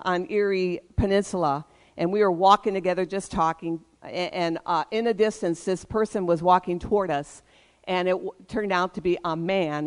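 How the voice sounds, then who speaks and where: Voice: mid-range voice, smooth. A pastor preaching a sermon, emphatic and leading the congregation in call-and-response.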